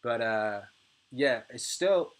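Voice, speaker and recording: A British man in his thirties hosting a casual livestream, reading viewer comments, swearing freely and ranting with animated energy. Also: mid-range voice, slow pace. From United Kingdom. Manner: swears freely, animated rants, laughs often. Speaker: music producer and livestream host.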